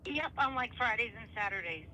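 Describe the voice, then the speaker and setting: A woman's voice: fairly high pitch, lively intonation, fairly quick, pushed and bright, no echo. A woman working as a campground reservation clerk, answering briefly and matter-of-factly over the phone. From New Jersey. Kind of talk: casual phone call. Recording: tinny faint phone line.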